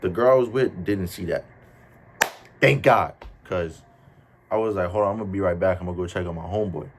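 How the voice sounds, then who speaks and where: A young man with a New Jersey accent tells a casual storytime, full of slang and quoted voices. His voice sits low in pitch. A faint hiss of ambient noise runs beneath him. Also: a little fast.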